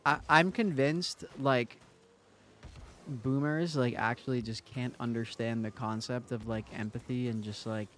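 A man's voice: medium pitch, steady tone, a little slow, fairly bright tone, slight background noise. Joking young man streaming a game. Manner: joking, teasing, chatty asides to chat while playing. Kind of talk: casual live-stream chat with viewers.

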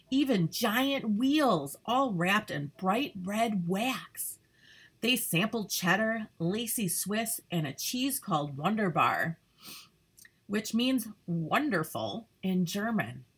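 A woman's voice: mid-range voice, a bit bright, slightly rough. A woman reading a children's storybook aloud carefully to young listeners. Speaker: troop leader reading aloud.

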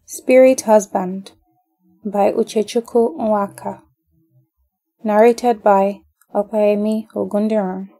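A woman from Nigeria narrating a first-person horror story in a calm, scripted reading. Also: medium pitch, slow pace, pauses often, faint music behind.

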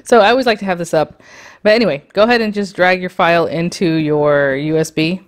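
A woman hosting an embroidery tutorial, walking through software on her screen in a chatty, rambling way with lots of fillers and small laughs. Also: fairly low pitch, a little fast. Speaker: sewing and embroidery tutorial host. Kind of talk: casual screen-share tutorial.

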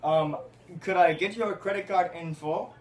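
Young man playing a deadpan pushy store manager. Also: high-pitched, moderate pace, reverberant, recorded from a distance, a little hiss or hum, lightly acted. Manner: deadpan, insistent sales patter. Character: smooth pushy male store-manager prank caller.

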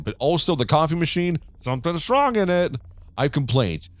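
A man's voice: on the high side, sing-song, normal speed, no echo. A young man narrating his play of a horror game, jumpy and jokey, swearing often and talking to himself. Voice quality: jittery, jokey, swears a lot. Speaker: gaming streamer.

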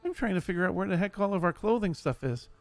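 A sweet-natured, simple barbarian warrior, played by a man, who speaks in stiff, earnest sentences with no contractions. The voice sits high and has a gravelly edge. It sounds close and dry. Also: animated, fast talker, dry recording, soft background music. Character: simple-minded gentle male barbarian warrior. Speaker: streamer. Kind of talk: roleplay in a survival game.

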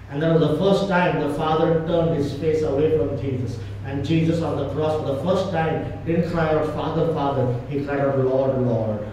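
A man's voice: on the high side, warm tone, slight background noise. A man preaching a church sermon with emphatic, repetitive delivery. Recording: echoey church hall from far off.

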